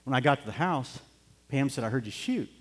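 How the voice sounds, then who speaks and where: A man's voice: medium pitch, expressive, fairly quick. A middle-aged man preaching a sermon, telling a personal story in an earnest way and building to fervent urging. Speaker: pastor. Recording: long hall reverb.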